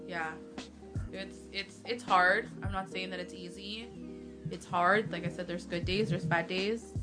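A young woman working as a nursing assistant, chatting casually and telling lively work stories, acting out quoted voices and swearing freely. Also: on the low side, a little slow, over music. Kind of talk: casual podcast chat.

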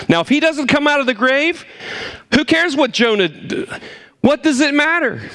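A man preaching a sermon, animated, swinging between emphatic points and low, quiet asides. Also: unhurried. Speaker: pastor.

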